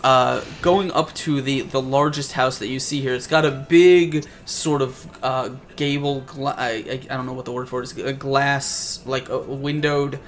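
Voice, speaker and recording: A man's voice: mid-range voice, fairly even intonation, moderate pace, few pauses, a little hiss or hum. A man narrating as game master for a tabletop game, rambling and searching for words as he describes scenes.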